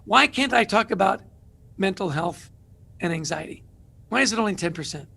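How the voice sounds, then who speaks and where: A man's voice: high voice, expressive, normal speed, creaky, pushed and bright, slightly rough. A middle-aged man, an author and guest, telling stories energetically in an interview with emphatic rhetorical questions.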